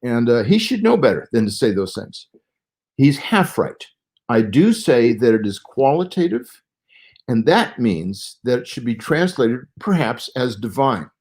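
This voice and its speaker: A man's voice: medium pitch, big pitch swings, a little slow, darkish tone. Man in his sixties, lecturing scholar. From Southern California. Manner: careful, lecturing, explains step by step. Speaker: guest Bible scholar. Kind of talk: interview explanation.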